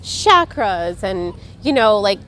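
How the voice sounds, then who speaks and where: A woman's voice: mid-range voice, big pitch swings, slow pace, bright, forceful tone. A woman co-hosting a casual podcast chat, explaining things in a chatty way with frequent fillers. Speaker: podcast co-host. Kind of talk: casual chat about cults.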